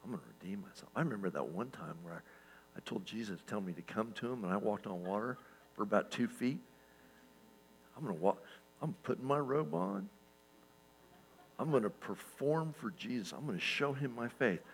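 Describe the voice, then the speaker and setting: A man's voice: mid-range voice, sing-song, moderate pace, creaky, pauses often, long reverb tail, a little hiss or hum, pitched above the performer's own voice, rough recording. A man putting on the voice of an impulsive, self-doubting fisherman, muttering to himself in a chatty way. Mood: boastful.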